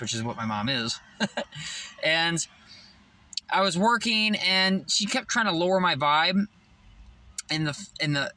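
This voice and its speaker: A young man vlogging outdoors beside his car, telling a rambling, excitable story and swearing freely. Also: on the high side. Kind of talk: casual vlog storytelling. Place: outdoors by a tree near his parked car.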